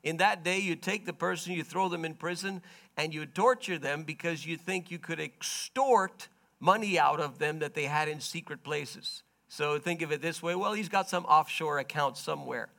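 A man preaching a sermon, retelling a story in plain words and swinging from quiet murmurs to loud, emphatic bursts. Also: fairly high pitch, moderate pace. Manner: stops to explain in plain everyday words.

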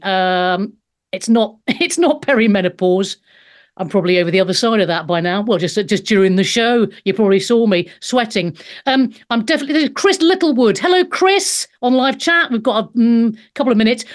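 A woman hosting a live talk show, effusive and affectionate with callers, often halting and restarting as she talks. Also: fairly high pitch. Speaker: host.

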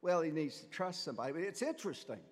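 Animated priest preaching in a reverberant church. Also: male voice, on the high side, fast talker. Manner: animated, conversational preaching with rhetorical questions. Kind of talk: sermon.

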